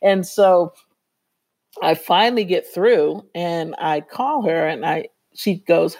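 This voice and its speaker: As an interview guest, this women's Bible study leader earnestly recounts her personal testimony and performs the dialogue she quotes. Her voice is on the low side and darkish, and she speaks slowly.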